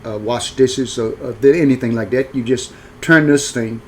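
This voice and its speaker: A man voicing a patient gentleman showing a boy how a sink works. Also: mid-range voice, moderate pace, a little hiss or hum, voice pushed down, close to an everyday voice. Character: patient older gentleman explaining plumbing.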